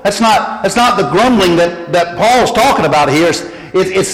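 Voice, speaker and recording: A fairly high-voiced man preaching a sermon in a church sanctuary, with a long reverb trailing his words. He talks earnestly, sinking low and quiet to press a point and rising high when he quotes people. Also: expressive, normal speed, few pauses. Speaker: pastor.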